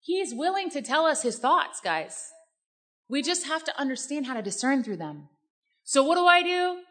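A woman delivers a sermon in a high, bright voice. She preaches emphatically, checking in with her listeners through "amen" and "right?". At her peaks she climbs close to a shout. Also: big pitch swings, moderate pace.

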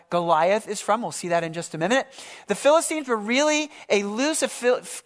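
A pastor preaching a sermon, reading scripture and explaining it in a relaxed, conversational way with asides. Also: male voice, sits high.

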